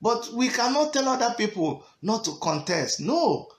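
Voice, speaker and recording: A man's voice: very high-pitched, very animated, moderate pace, echoey room, slight background noise. A middle-aged Nigerian man with a Nigerian accent, giving an emphatic vlog rant that switches between Pidgin and English, chuckling often. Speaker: political party member.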